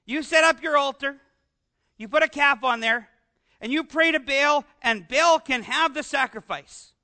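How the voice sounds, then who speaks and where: A man preacher voicing a bold old male prophet who loudly taunts and commands his rivals. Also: extremely high pitch, unhurried, full character voice. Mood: commanding. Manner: loud, mocking call to rivals.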